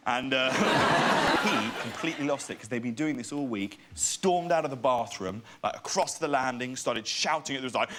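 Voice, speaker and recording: A young man, a guest on a chat show, chatting and telling family stories with quick laughs. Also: medium pitch, background noise. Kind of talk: casual chat show interview.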